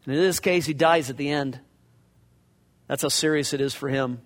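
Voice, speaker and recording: A man's voice: mid-range voice, normal speed, long pauses. A man preaching a verse-by-verse sermon in a conversational way, acting out scripture passages in character as he goes. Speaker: pastor. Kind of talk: expository sermon. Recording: long reverb of a large hall.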